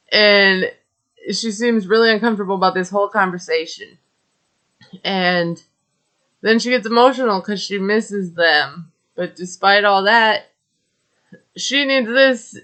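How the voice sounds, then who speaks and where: A woman's voice: medium pitch, sharp tone. A woman recapping a reality TV episode in a chatty, gossipy way, with many fillers and wry asides. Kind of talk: casual recap commentary.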